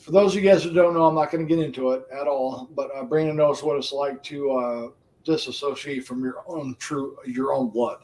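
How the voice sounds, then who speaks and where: A middle-aged, retired man chatting on a livestream, animated, profane and laughing often. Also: medium pitch, a little fast. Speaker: livestream co-host. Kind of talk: casual stream chat.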